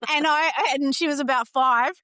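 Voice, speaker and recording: A middle-aged woman, hosting a podcast and chatting casually, telling stories with lively quoted voices. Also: high-pitched, normal speed, no room sound, studio quality. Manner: chatty storyteller, animated quoting. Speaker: podcast host.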